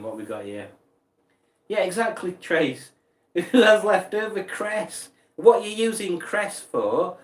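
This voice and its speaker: Far from the mic in an echoey room, a streamer with a high voice chats casually, reading his chat aloud and riffing on it with put-on outrage.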